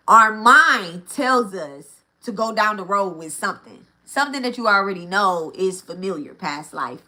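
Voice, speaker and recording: A woman's voice: mid-range voice, bright, forceful tone. A woman giving a casual spiritual teaching, blunt and profane, repeating her points and often checking in with "right?" and "okay?". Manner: repeats key phrases for emphasis.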